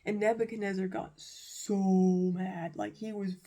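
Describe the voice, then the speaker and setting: A woman's voice: mid-range voice, level tone, measured pace, creaky, warm tone. A woman retelling a Bible story in a chatty, slangy way with lots of asides.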